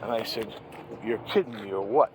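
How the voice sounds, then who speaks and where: An older man, ranting angrily in a monologue and clearing his throat often. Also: fairly low pitch, moderate pace, soft background music, low-quality recording. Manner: angry, rambling, repeats "what happens is this". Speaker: vlogger. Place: outdoors by a street. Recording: outdoor street noise.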